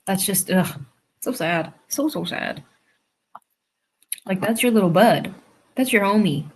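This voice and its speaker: A woman's voice: medium pitch, animated, slow pace, slight background noise. A young woman hosting a casual livestream from home, chatting, reading viewer comments aloud and laughing often. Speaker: livestream host and writer.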